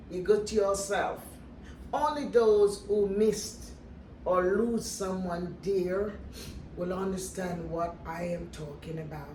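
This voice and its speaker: Slow-talking older woman in an echoey kitchen. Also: mid-range voice, darkish tone, a little hiss or hum. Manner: heartfelt and earnest, speaks to viewers directly. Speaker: cooking vlogger. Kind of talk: casual home cooking talk. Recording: echoey room, voice a little distant from the mic.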